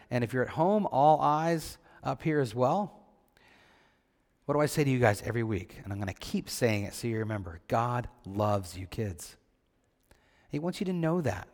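A man gives a children's sermon in a reverberant church hall, where long echoes trail after each phrase. His voice sits at an ordinary middle pitch. He asks the kids questions, answers with a soft "mm-mm," and lingers on the points he wants them to remember. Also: animated. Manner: slow and deliberate on key points. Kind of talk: scripture reading and children's sermon.

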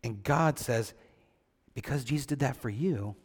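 A man gives a children's sermon in a reverberant church hall, where long echoes trail after each phrase. His voice sits at an ordinary middle pitch. He asks the kids questions, answers with a soft "mm-mm," and lingers on the points he wants them to remember. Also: husky. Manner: slow and deliberate on key points. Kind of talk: scripture reading and children's sermon.

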